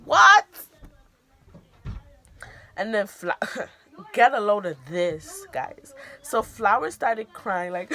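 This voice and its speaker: A young woman vlogger telling a personal story in a casual storytime, animated and acting out the voices she quotes. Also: mid-range voice, slow pace. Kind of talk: storytime vlog.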